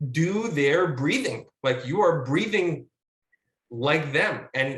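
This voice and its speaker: A man, a guest actor, chatting casually about his craft in an animated, rambling way with plenty of fillers and the odd swear word, over a video call. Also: mid-range voice, roomy sound. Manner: animated, rambling storyteller with filler words and profanity. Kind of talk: casual conversational teaching.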